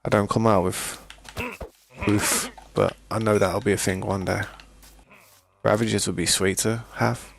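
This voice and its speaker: A man's voice: lowish voice, level tone, a little slow, vocal fry. A British man streaming a game live, chatting casually with viewers, often restarting his sentences and calling them mate and boys. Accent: British English. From Britain. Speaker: gaming streamer. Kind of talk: casual live gameplay commentary.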